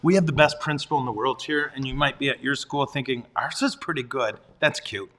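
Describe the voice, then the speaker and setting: A man who is a priest, talking casually and playfully on a livestream. His voice sits at a middle pitch. He pokes fun at himself and laughs easily. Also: fairly even intonation, quick pace, fairly bright tone. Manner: playful, self-deprecating, chuckles often.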